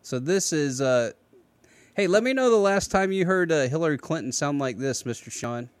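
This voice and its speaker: A man hosting a casual political podcast, talking in an animated, rambling way with many restarts. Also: fairly high pitch, normal speed, no echo. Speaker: podcast host.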